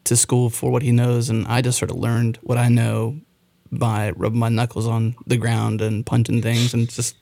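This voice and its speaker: A male podcast host talks in a relaxed, reflective way. His mid-pitched voice has a gravelly edge. The recording is close and dry. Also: moderate pace, no echo. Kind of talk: casual podcast interview.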